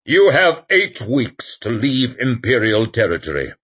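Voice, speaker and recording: A man's voice: mid-range voice, very animated, a little slow, fairly bright tone, breathy edge, voice pushed up, heavily acted. A man doing a curt haughty legate. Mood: imperious. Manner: curt, imperious. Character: haughty imperial male legate, cold and curt.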